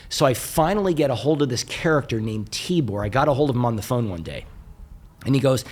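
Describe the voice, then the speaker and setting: An American man, a motivational speaker, telling a story with jokes and frequent asides to the audience. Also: medium pitch. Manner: animated, jokey, with asides to the audience. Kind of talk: humorous storytelling talk.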